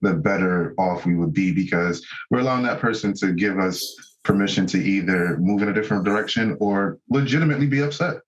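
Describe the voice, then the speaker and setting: A man's voice: low-pitched, a little fast, dull audio. A man speaking as a guest therapist in a casual conversation, reflective and explaining ideas step by step.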